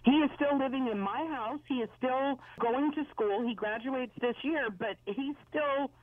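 A woman's voice: high voice, measured pace, no echo. A woman in her forties calling a radio show, telling an exasperated, indignant story about her family. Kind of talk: phone-in storytelling. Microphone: telephone. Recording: tinny phone line.

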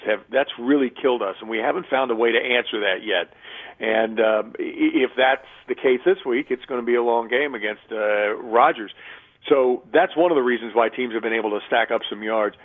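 Man, phone-in guest, tinny phone line, middle pitch, chatty, many restarts. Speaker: radio play-by-play announcer, guest. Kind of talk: phone-in radio interview. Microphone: telephone.

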